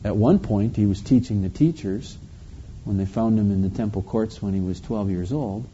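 A man preaching, reading scripture aloud slowly and then explaining it in a conversational way. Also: on the low side, dark tone, a little hiss or hum. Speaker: pastor. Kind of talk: verse-by-verse Bible teaching. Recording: dull lo-fi recording.

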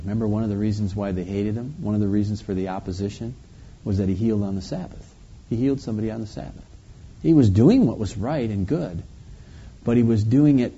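A man preaching, reading scripture aloud slowly and then explaining it in a conversational way. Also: on the low side, dark tone, breathy edge. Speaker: pastor. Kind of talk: verse-by-verse Bible teaching. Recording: dull lo-fi recording.

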